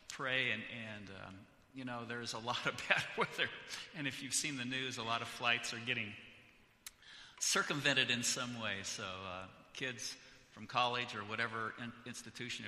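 In a reverberant church sanctuary, a middle-aged California pastor with a medium-pitched, sharp voice gives joking, conversational announcements, often restarting, before beginning his sermon.

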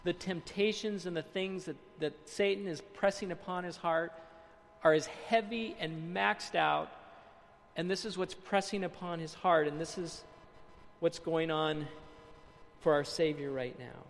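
Gravelly preacher in a reverberant hall. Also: male voice, a little high, fairly even intonation. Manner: reads quotes aloud, then explains with dramatic pauses and hushed emphasis. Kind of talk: sermon.

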